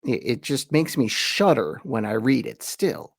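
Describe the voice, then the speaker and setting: A man explains in an easygoing, chatty lesson, his voice sitting at a middling pitch. He slows down and leans on each word when reading quoted verses, and the recording is dry and close with no room sound. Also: gravelly, slightly rough, no echo. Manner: reads quoted verses slowly with emphasis; relaxed, chatty explaining with asides. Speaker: host and teacher. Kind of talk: conversational lesson.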